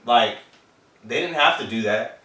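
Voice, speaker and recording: Male co-host, casual discussion, halting delivery with acted-out bits; distant mic, echoey room. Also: medium pitch, animated, bright, forceful tone. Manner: halting, many restarts, acts out scenes with raised voices. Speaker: podcast co-host. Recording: echoey room, far from mic, faint noise.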